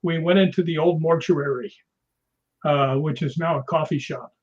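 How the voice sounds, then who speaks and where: A man's voice: a little high, fairly even intonation, moderate pace. A man in a casual interview, telling rambling stories with many restarts. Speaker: guest, stuntman. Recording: dull lo-fi sound.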